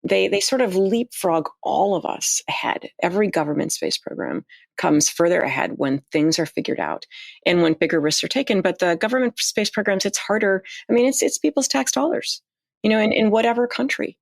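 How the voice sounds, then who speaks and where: A woman guest in casual conversation, telling stories in a chatty, animated way with frequent restarts. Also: mid-range voice, brisk, vocal fry, no room sound. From United States. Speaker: astronaut guest.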